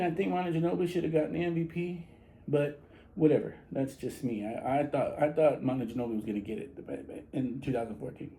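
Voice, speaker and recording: A man's voice: a little high, warm tone, a little hiss or hum, low-quality recording. A man from San Antonio, talking casually as a barber. He rambles, repeats himself and restarts his sentences often. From San Antonio, Texas. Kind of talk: casual monologue to camera.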